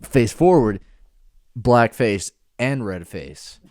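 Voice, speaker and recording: A man's voice: medium pitch, lively intonation, slow pace, a little mellow, no room sound. A man co-hosting a podcast in casual chat, joking crudely and laughing often. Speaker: podcast co-host.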